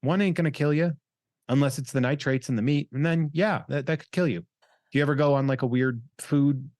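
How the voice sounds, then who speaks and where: A young man hosting a podcast in casual, rambling chat, joking around and reading out listener shout-outs. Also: medium pitch, fairly quick, no room sound, studio quality. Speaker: podcast host.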